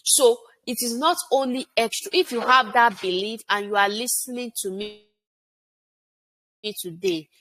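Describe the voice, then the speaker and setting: A woman's voice: fairly high pitch, unhurried, fairly bright tone. A woman coaching public speaking in a motivational lesson, emphatic and repetitive, asking rhetorical questions and answering them herself. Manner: emphatic, repeats phrases and asks rhetorical questions. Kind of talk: motivational teaching talk.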